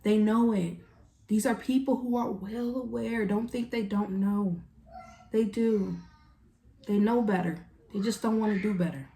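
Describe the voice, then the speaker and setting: A woman's voice: mid-range voice, fairly even intonation, measured pace, vocal fry, warm tone. A woman giving an earnest, emotional tarot reading, speaking straight to the viewer in a casual way. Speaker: tarot reader. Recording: echoey room.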